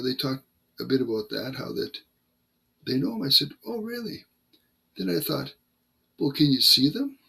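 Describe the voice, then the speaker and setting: Gravelly, husky older man telling a story. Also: medium pitch, bright, forceful tone. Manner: halting, acts out quoted dialogue. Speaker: Christian storyteller. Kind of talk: personal testimony, casual retelling.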